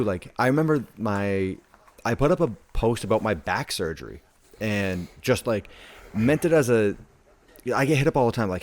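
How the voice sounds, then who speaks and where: A man's voice: lowish voice, animated, moderate pace. A man co-hosting a podcast, telling a story in a laid-back casual chat, full of filler words. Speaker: podcast co-host.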